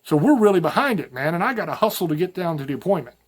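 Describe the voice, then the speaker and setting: Folksy man, higher-pitched voice. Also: big pitch swings, very fast. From rural Virginia mountains. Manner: folksy, rambling, storytelling with self-quoted asides. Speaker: podcast host. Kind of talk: casual spoken monologue.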